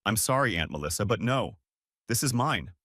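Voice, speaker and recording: Man doing a scared, quiet teenage boy. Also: lowish voice, big pitch swings, normal speed, no room sound, clean studio sound. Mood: shaky. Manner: soft, shaky.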